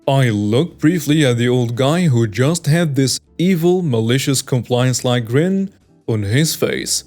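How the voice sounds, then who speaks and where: A man narrating online stories in a plain, steady reading voice. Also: mid-range voice, a little slow, soft background music. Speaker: story narrator.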